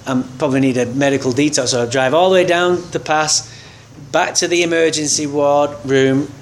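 A man tells his recovery story in a candid, wry way, his voice sitting a little high. Faint room ambience hangs behind him. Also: moderate pace, a little hiss or hum. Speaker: speaker sharing a recovery story. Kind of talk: personal storytelling talk.

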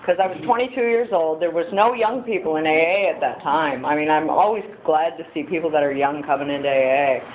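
A woman's voice: sits low, a little fast, hardly any pauses. A middle-aged woman speaking at a recovery meeting, candid and storytelling. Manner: candid, storytelling, acts out quoted voices. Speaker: AA speaker sharing her story. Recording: tinny phone-like audio with faint hiss.

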